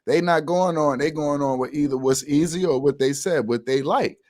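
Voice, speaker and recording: A man co-hosting a casual podcast, joking loudly and laughing at his own lines. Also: a little high, moderate pace, background noise. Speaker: podcast co-host. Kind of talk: casual banter.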